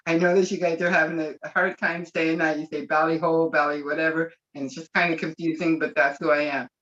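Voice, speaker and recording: A person from Canada speaking on a webinar, gushing and excited, close to tears. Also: medium pitch, quick pace. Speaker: webinar participant. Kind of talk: emotional casual speech. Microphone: video call. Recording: muffled video call audio.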